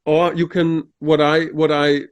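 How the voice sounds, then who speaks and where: A man's voice: a little high, little pitch movement, unhurried, highs cut off. Searching, filler-heavy male co-host. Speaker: podcast co-host. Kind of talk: casual philosophical conversation.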